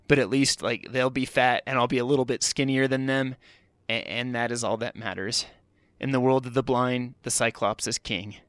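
A man's voice: mid-range voice, a bit bright, dry recording, clean studio sound. Self-mocking middle-aged man telling stories. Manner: rambling and self-deprecating, heavy use of "like". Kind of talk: comedic personal storytelling.

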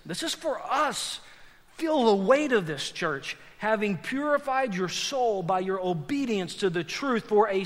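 A man preaches from a church stage, his voice pitched high for a man. He swings from hushed, slowed lines to loud, driving shouts. A long reverb from the large hall trails each phrase. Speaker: pastor. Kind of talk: sermon.

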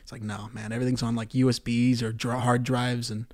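A man's voice: mid-range voice, level tone, brisk, no echo. Young guy ranting on his podcast, swears a lot, sarcastic, dry mic no room sound. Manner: profane, ranting, sarcastic, swings loud then mutters. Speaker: podcast host. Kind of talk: solo podcast rant.

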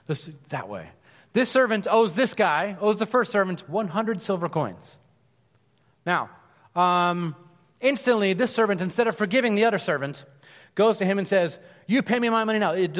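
A man preaching a sermon, telling a parable in a conversational, animated way with frequent asides. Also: high voice. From United States. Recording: long hall reverb.

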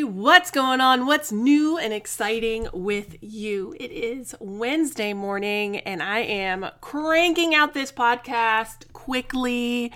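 A woman's voice: a little high, slow pace, sharp tone. A woman in her forties hosting a casual solo podcast, talking candidly and chattily, venting her frustration and swearing freely. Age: 40s. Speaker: podcast host.

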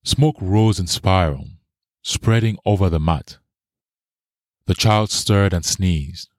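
Low-voiced man, measured audiobook narrator. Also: no room sound, clean studio sound. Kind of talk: scripted narration.

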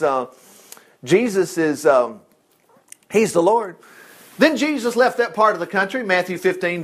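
Animated, folksy preacher man. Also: high-pitched. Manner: folksy, animated, laughs often, acts out quotes. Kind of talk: sermon.

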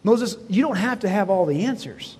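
A man's voice: sits high, expressive, normal speed, a little mellow, husky, big-room sound. A man preaching a sermon to a congregation, talking in a conversational way, asking the listeners questions and acting out lines of dialogue from the story. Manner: conversational preaching, asks the congregation questions, voices God and Moses in quotes. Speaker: pastor. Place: church hall before a congregation.

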